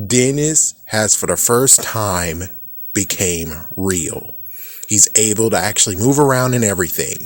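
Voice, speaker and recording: A man's voice: lowish voice, dry recording. A man giving casual, unscripted commentary, rambling and filling his talk with "it's like" and little chuckles. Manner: rambling, lots of "it's like" and "actually", chuckles to himself. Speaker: YouTube commentator.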